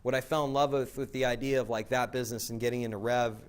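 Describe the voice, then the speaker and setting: A man speaks at a very fast clip as a guest on a talk show. He tells his story in a loose, rambling way, with "like" and "right?" scattered through his sentences. His pitch sits in an ordinary middle range. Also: fairly even intonation, clear, resonant tone. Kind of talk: casual anecdotal storytelling.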